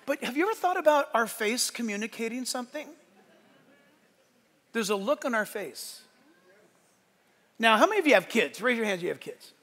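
A male pastor preaching a sermon in a church, swinging between loud emphatic lines and hushed asides. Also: very high-pitched, sing-song, normal speed, pauses often. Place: church sanctuary. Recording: long church hall reverb.

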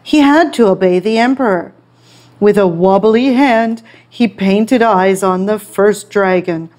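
Woman storytime teacher reading a picture book; slow, clear, expressive. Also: mid-range voice. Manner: expressive, clear read-aloud.

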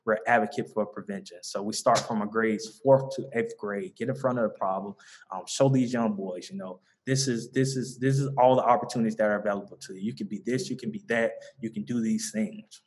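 A man's voice: on the low side, fairly even intonation, a little fast. Earnest young man with a Southern accent. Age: young adult. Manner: earnest, many fillers and restarts, laughs easily. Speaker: guest, mentoring organization founder. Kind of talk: conversational interview.

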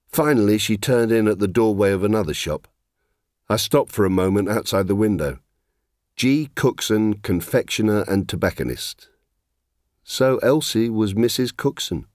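A man's voice: lowish voice, a little mellow, dry recording, studio quality. A middle-aged man narrating in the first person, wry, reflective and plain-spoken.

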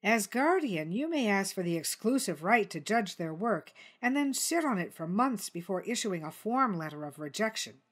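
A woman voicing Dilly, a calm, persistent jungle news creature who presses her points. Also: mid-range voice, normal speed, few pauses.

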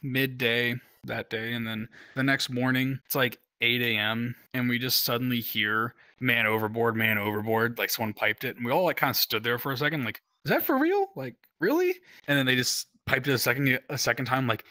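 Male veteran from the United States, casual storyteller, filler-heavy and chuckling, with a sharp, bright tone. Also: medium pitch, little pitch movement, fairly quick, few pauses, no echo. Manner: rambling, heavy use of "like" and "um" fillers; laughs while telling stories. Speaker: Coast Guard veteran guest.

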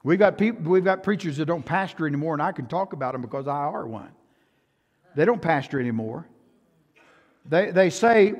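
An older man with a Texan accent preaching a sermon as pastor, swinging from hushed to loud and often repeating himself. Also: on the high side, expressive, fairly quick. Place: church sanctuary. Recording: long church hall reverb.

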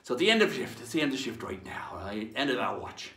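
A man hosts a children's lesson as a hammy pirate captain, his delivery swinging up and down with theatrical glee. His voice is bright with a gravelly edge, and it rings in an echoey room. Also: medium pitch, sing-song, fast talker. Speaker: children's show host in pirate persona. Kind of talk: playful pirate-themed kids' lesson.

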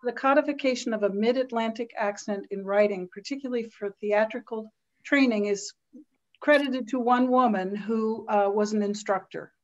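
A woman in a casual group discussion, relaying what she has read in a halting way. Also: a little high, muffled recording. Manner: reads out information, halting with fillers. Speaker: discussion participant.

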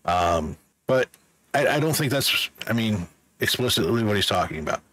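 A man with a fairly low voice talks over a music reaction in a relaxed, unscripted way. He stops the track often to think aloud and explain what he hears. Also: normal speed, rough recording. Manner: thoughtful, explains as he goes. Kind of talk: casual reaction commentary.

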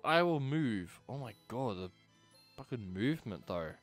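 An excitable man narrating a let's play in a casual, exclaiming way, with a very lively pitch that jumps all over. He swears and reacts loudly to what he sees. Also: measured pace, dry recording, faint music behind. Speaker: gaming streamer.

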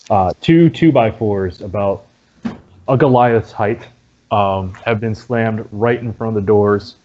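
Low-voiced man running a tabletop game. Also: a little hiss or hum. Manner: relaxed, halting narration with many fillers. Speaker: dungeon master. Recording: dull lo-fi audio.

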